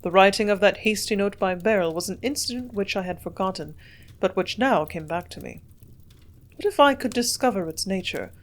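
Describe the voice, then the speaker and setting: A woman narrating a classic novel in a measured, steady way, at an ordinary middle pitch. Her reading is even and unhurried, suited to a long audiobook chapter. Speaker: audiobook reader.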